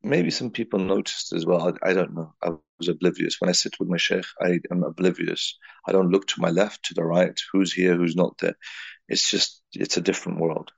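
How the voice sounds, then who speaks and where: A man's voice: deep voice, fairly even intonation, normal speed, vocal fry, breathy edge, dry recording, highs cut off. A man from England giving a reflective spiritual talk, telling a personal story and weaving in Arabic and Urdu religious terms. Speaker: religious teacher.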